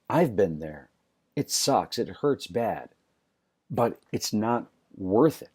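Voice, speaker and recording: A man giving a raw, personal motivational talk, blunt and profane, with halting restarts. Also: fairly low pitch, animated, dark tone. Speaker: motivational speaker.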